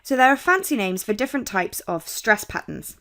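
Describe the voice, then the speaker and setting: A young woman with a British accent, tutoring on poetry in a clear, measured way. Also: fairly high pitch, very animated, a bit bright. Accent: British English. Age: young adult. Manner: clear, measured teaching with quoted lines read slowly. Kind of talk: explaining poetry terms.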